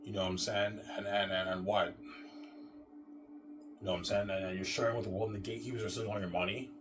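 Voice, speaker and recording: Fast-talking, agitated ranting man, low voice, distant mic, loud music behind. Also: level tone. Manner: agitated, profane and repetitive, ends phrases with "man". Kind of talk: rambling monologue.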